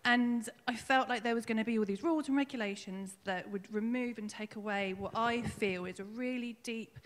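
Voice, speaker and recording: A woman's voice: a little high, normal speed, in a large hall. A woman nervously and emotionally telling her personal faith story at a church service, with many ums. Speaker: congregation member giving a baptism testimony. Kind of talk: spoken personal testimony in church. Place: church hall.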